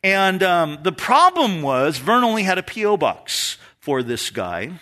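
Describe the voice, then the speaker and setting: A man pastor delivers a sermon in a fairly high, bright voice that swings up and down with feeling. He tells stories in an animated way and laughs along with them, speaking to a church congregation. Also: unhurried. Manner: storytelling, animated, laughs at his own stories.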